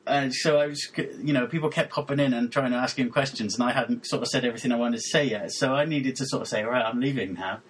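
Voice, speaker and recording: A man's voice: medium pitch, steady tone, quick pace, few pauses, slight background noise. A man hosting a casual podcast chat, rambling and hesitant, often breaking into laughter. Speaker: podcast host.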